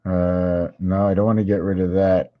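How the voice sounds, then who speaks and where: Here the channel host has a deep voice, a level tone, and a normal speed, though his voice is giving out. Distracted, he rambles through his casual stream, repeating himself while clicking around. The sound is dull lo-fi.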